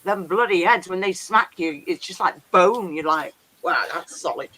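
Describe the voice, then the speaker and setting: A man in casual chat who is quick to chime in and exclaim. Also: high-pitched, sharp tone, low-quality recording.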